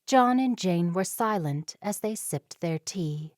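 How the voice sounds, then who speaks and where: A woman narrating a romance novel audiobook in a calm, even storytelling manner, close to the microphone. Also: lowish voice, takes it slowly, no room sound. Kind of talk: scripted narration.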